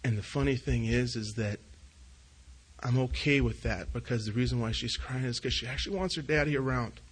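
A middle-aged man giving an earnest, confessional personal testimony at a recovery meeting, swinging between hushed and loud moments. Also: mid-range voice, brisk, husky, poor audio.

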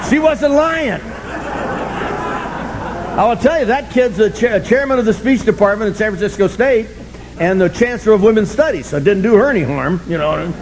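Older man, wry confessional storyteller, slightly high voice, erupts into shouts. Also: normal speed, some chatter behind, slight background noise, poor audio. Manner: animated, sardonic, bursts into shouting. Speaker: speaker sharing his story at a recovery meeting.

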